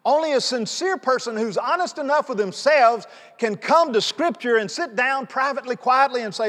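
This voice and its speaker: A middle-aged man preaching a sermon, telling stories in a conversational way and swinging between soft asides and loud emphatic pleas. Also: very high-pitched, animated, normal speed, hardly any pauses. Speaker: pastor. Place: church sanctuary. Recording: long reverb of a church sanctuary.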